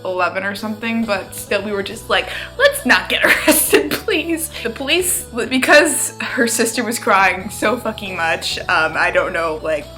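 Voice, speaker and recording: A woman's voice: medium pitch, lively intonation, bright, forceful tone, soft background music. A seventeen-year-old girl telling a storytime vlog, rambling, laughing and swearing freely. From Arizona, US. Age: teens. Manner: profane, laughing, fast rambling. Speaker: vlogger.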